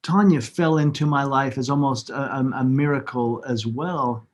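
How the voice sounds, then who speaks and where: Over a video call, a man with a mid-range voice tells a personal story as an interview guest. He speaks earnestly and haltingly, repeating words when he gets moved.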